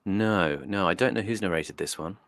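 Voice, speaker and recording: A man's voice: sits low, moderate pace, a bit bright. A man from Northeast England hosting a casual podcast discussion, talking in a digressive, reflective way with many restarts. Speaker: host. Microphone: streaming setup mic.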